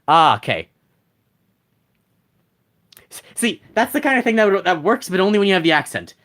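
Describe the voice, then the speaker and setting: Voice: mid-range voice, big pitch swings, normal speed, fairly bright tone. A game streamer chatting casually on a live stream, rambling with many restarts and reading chat messages aloud at a desk mic.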